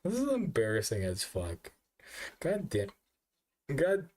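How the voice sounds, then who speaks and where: A drunk male VTuber keeps hiccuping through a casual stream chat. He drawls slowly at a middling pitch, swearing often and mocking himself as he rambles. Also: huge pitch swings, a little mellow. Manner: rambling, profane, self-mocking.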